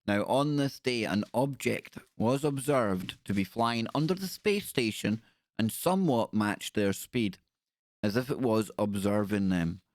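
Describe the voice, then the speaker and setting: Low-voiced casual male stream host. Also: a little slow, no room sound. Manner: chatty, stumbles over foreign names with self-mocking asides. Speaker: livestream host. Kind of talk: casual live-stream narration.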